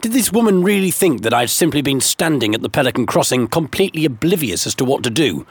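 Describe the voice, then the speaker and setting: Man, comic storyteller, wry and sarcastic, husky, expressive intonation. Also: mid-range voice, quick pace. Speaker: narrator and host of a comic series. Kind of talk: comic first-person storytelling.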